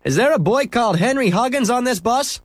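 Friendly cop, dry teasing tone, lively, man reading it. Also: extremely high pitch, a little fast, no echo, voice pushed up. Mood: calm. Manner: dryly teasing. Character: calm kindly male police officer.

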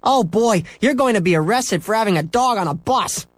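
Bratty taunting kid, high and gloating, as a man reads him. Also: expressive, quick pace, slightly rough, dry recording, heavily acted.

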